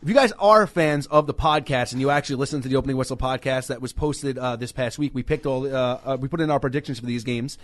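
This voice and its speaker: A man's voice: mid-range voice, fast talker, hardly any pauses. A man co-hosting a casual sports radio show from a small studio, rambling and self-deprecating, often stammering and restarting.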